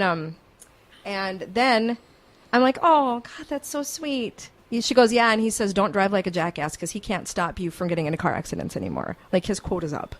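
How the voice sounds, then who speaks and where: A woman hosting a morning radio show, telling a story in an animated, chatty way. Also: medium pitch. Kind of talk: casual radio chat, storytelling. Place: radio studio.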